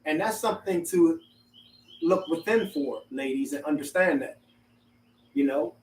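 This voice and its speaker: A man with a high, light voice leads a casual group conversation, laughing easily and pressing his points with emphasis. He sits back from the microphone, so the room rings around him. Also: measured pace, distant mic, slight background noise. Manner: laughs often, animated and emphatic. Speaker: discussion host. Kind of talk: group discussion. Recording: roomy sound from off-mic.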